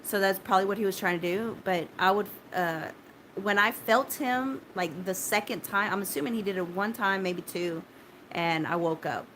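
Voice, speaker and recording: A woman telling viewers about a frightening experience in a halting, repetitive way, with many restarts and blunt swearing. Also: medium pitch, a bit bright, slight background noise. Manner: shaken but steadying, talking straight to viewers. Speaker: vlogger recounting a personal ordeal. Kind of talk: casual spoken personal story.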